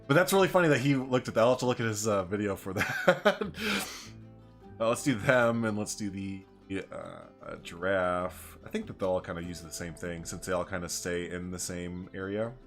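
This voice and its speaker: Man, game streamer, casual live chat, joking, lively pitch, faint music behind. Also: normal speed. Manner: animated, joking, laughs often.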